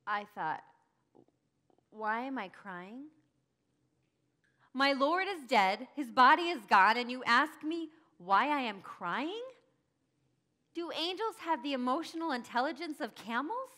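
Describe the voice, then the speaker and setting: A woman acting a grieving early follower in a first-person dramatic monologue, telling it breathlessly and crying out in high bursts. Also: animated, slow, long pauses, bright, forceful tone, heavily acted. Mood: anguished. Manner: emotional, breathless storytelling, cries out in high bursts. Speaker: church dramatic monologue performer.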